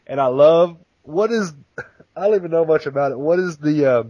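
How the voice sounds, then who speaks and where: A man's voice: on the high side, moderate pace, no room sound, lo-fi sound. A man co-hosting a podcast, chatting enthusiastically and laughing often as he talks. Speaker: podcast co-host. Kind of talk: casual podcast chat.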